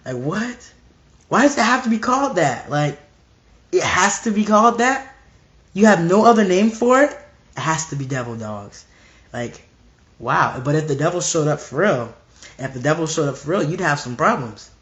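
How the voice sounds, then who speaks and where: A man's voice: fairly high pitch, fairly bright tone, roomy sound. A man preaching an emphatic, repetitive monologue full of rhetorical questions.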